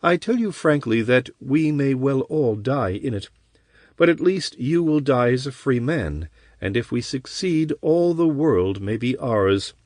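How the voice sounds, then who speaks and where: A man's voice: medium pitch, animated, a little slow, a little mellow, no echo, clean studio sound, pitched above the performer's own voice, natural voice. Chryseis, a cynical seductive sorceress voiced by a man. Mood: earnest. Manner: silky and coaxing.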